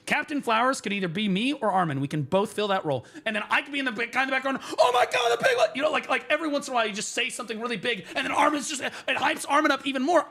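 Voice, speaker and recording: A young man telling a story on stream in a profane, excitable way, now and then bursting into shouts. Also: sits high. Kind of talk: animated storytelling rant.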